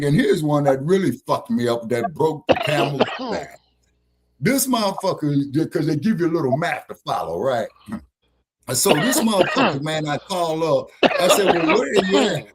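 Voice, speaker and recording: A man co-hosting a casual online chat show, telling profane, animated stories about his delivery work. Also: fairly high pitch, normal speed, background noise. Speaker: co-host.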